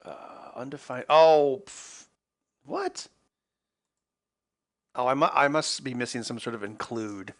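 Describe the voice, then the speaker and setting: A man's voice: mid-range voice, slow, long pauses. A man hosting an electronics video, talking casually to himself as he works through a problem. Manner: muttering to himself while working. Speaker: electronics maker host. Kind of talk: casual work-along narration.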